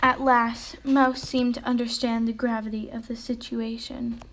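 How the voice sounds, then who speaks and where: A woman reading a children's picture book aloud in a gentle storytelling manner. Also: a little high, little pitch movement, measured pace. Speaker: storybook reader.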